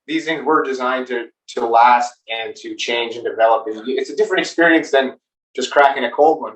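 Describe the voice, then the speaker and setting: A man's voice: mid-range voice, a bit bright, roomy sound, distant mic, poor audio. A man who is a brewmaster, chatting casually and explaining things in a loose, rambling way with many fillers. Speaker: brewmaster guest. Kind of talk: casual chat.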